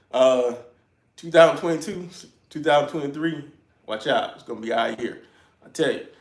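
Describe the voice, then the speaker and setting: Another casual garage livestream from home, hosted by a man with a South Carolina accent who keeps it laid-back with chuckles and folksy slang. He talks at a moderate pace in a mid-range voice, and the audio sounds roomy.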